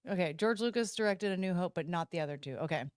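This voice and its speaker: A woman's voice: fairly low pitch, fast, darkish tone, smooth, no echo, studio quality. A woman hosting a casual livestream, rambling and interrupting herself as she talks to viewers through her phone. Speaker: livestream host.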